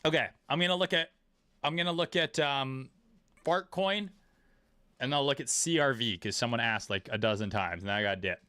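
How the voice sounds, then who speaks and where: A man's voice: mid-range voice, moderate pace, bright, forceful tone, clean tone, dry recording. A man giving casual, profane, laid-back commentary on trading charts during a livestream, with many fillers. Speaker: trading streamer.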